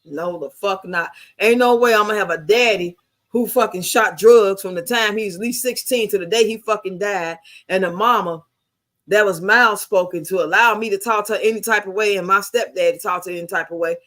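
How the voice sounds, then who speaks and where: An American woman in her fifties with a bright, sharp tone, talking in a blunt, profane, emphatic way. She tells her stories in relaxed, casual chat. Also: medium pitch, brisk. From United States.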